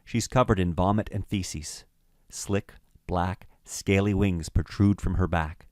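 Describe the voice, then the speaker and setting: Deep-voiced man reading stage directions. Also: fairly even intonation, a little mellow, no echo, studio quality. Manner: measured, matter-of-fact reading. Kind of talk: scripted narration of a screenplay.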